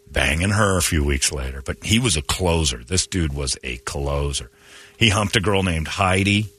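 A man hosting a morning radio show, telling stories in a sarcastic, ranting way during casual banter. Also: lowish voice. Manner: animated, sarcastic ranting storyteller.

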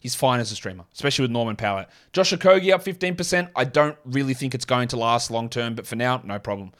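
A man's voice: medium pitch, expressive, fairly bright tone. A man with a non-American accent hosting a fantasy basketball show, talking through his picks in a chatty, opinionated way. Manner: chatty, opinionated, quick asides. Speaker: fantasy basketball podcast host. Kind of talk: casual solo analysis with ad read.

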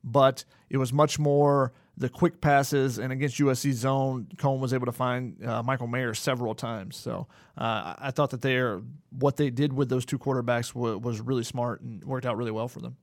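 A man's voice: mid-range voice, fairly even intonation, normal speed, few pauses, no room sound, studio quality. A man co-hosting a sports podcast, breaking down plays in a detailed, analytical way. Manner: detailed, analytical, occasional repeated words. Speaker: podcast co-host.

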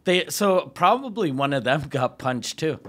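A man's voice: a little high, animated, unhurried, fairly bright tone. A man in a casual podcast chat, laughing often and talking animatedly.

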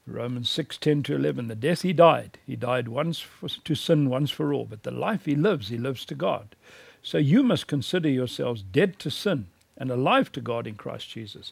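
A man's voice: medium pitch, creaky, a little mellow, slightly rough, dry recording. A man from Africa, giving a recorded teaching lecture in an earnest, emphatic preaching cadence. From South Africa.

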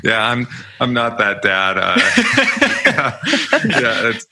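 A man's voice: lowish voice, wildly swooping pitch, slow, bright, forceful tone, a little hiss or hum. A young man telling stories about his college jobs in a casual, chatty way, often laughing. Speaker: podcast guest. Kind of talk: casual storytelling interview.

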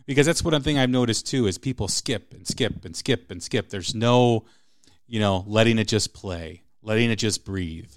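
A man's voice: lowish voice, normal speed. A middle-aged man in casual conversation, musing reflectively and repeating phrases for emphasis.

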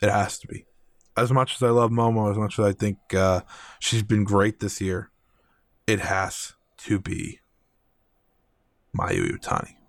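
A fairly low-voiced man hosts his own podcast alone, talking with eager, opinionated enthusiasm. He fills pauses with ums and uhs. The sound is dry and close, with no room around him. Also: lively intonation, no echo. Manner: enthusiastic, opinionated, many fillers. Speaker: podcast host. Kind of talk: solo wrestling podcast talk.

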